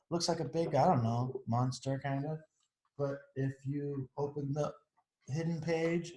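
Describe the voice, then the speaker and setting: A man's voice: a little high, a little slow, darkish tone, echoey room, low-quality recording. A man reading a picture book aloud to children, chatting about the pictures as he goes. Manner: chatty, adds asides to the pictures. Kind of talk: storytime read-aloud.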